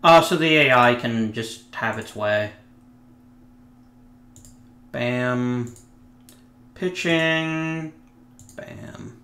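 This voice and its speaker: A man's voice: medium pitch, drawn-out words, pauses often, bright, forceful tone, reverberant, slight background noise. A man hosting a casual let's play, giving wry commentary with muttered asides to himself.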